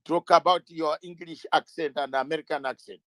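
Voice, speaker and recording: High-pitched man firing rhetorical questions. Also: steady tone, brisk, dry recording, low-quality recording. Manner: emphatic, hammering rhetorical questions, sometimes shouting; repeats words when starting out. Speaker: interview guest, lawyer. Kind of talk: impassioned political talk.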